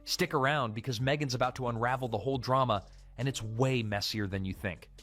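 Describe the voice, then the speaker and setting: A man delivers scripted commentary narration with dramatic punch. His pitch sits in the middle range. Faint music plays underneath. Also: fairly quick, fairly bright tone.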